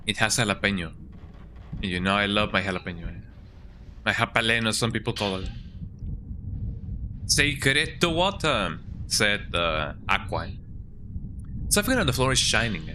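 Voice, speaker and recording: Man, game streamer, casual playful commentary, very bright tense tone, animated pitch, says "eh?" a lot. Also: unhurried, long pauses, slight background noise. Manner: playful, jokey, keeps tagging lines with "eh?".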